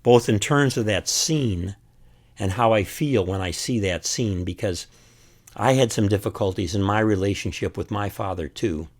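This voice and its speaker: A man's voice: fairly low pitch, normal speed. A man speaking earnestly and from the heart as an author and host, reflecting on a film scene. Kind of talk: reflective commentary to camera.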